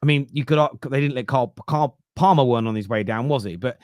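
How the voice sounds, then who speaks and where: A man's voice: medium pitch, fast, darkish tone, no room sound, studio quality. Argumentative Southern English man. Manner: argumentative, explains at length. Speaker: football podcast host. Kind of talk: casual debate.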